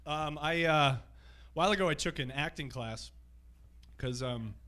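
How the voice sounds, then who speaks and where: Bright-voiced man doing stand-up. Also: fairly high pitch, moderate pace. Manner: loose, profane, rambling storytelling. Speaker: stand-up comedian. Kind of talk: live stand-up set. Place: comedy club stage.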